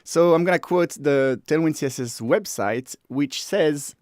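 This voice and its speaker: An Australian man co-hosting a podcast, explaining things in a relaxed, casual way. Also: fairly high pitch, unhurried, few pauses, no room sound, studio quality. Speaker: podcast co-host, designer.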